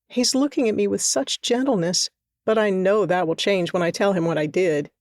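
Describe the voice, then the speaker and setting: A woman narrating fiction in an audiobook, with measured, expressive storytelling in a studio. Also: medium pitch, no room sound.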